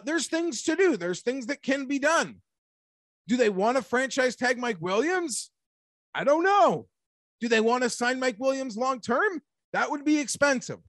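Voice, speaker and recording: Animated high-voiced male sports talker. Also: no echo, clean studio sound. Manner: animated, rambling, emphatic fan talk. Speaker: sports podcast host. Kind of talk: casual sports talk.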